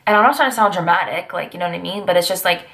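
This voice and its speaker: A young woman in her twenties rambles through old memories in a confessional vlog. She talks casually, with a gravelly fry in her voice and sassy little asides. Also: lowish voice, very fast, a bit bright. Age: 20s. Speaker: vlogger.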